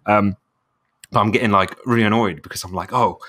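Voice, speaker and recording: Chatty man, low dry voice. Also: fairly even intonation, fairly quick, sharp tone, no room sound. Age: 30s. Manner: chatty, rambling, says "bro" a lot. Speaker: podcast co-host. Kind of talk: casual chat.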